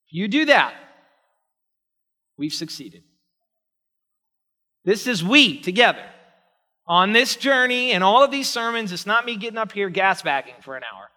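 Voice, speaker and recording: A male pastor preaching a sermon in a church sanctuary, emphatic and swinging from hushed to loud. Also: a little high. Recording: long reverb of a large church hall.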